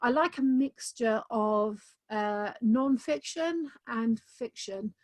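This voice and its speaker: Chatty woman author, a little high, dry close sound; casual video-call interview, keen and full of "um"s. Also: takes it slowly, a little mellow, no echo. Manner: chatty and enthusiastic, many "um"s. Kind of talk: casual conversation.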